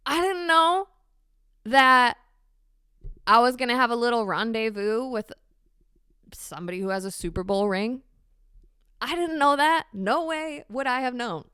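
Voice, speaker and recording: A woman hosting a solo podcast, talking candidly and swearing freely with animated emphasis. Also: on the high side, smooth, no echo, studio quality. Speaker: podcast host. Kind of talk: casual solo podcast monologue.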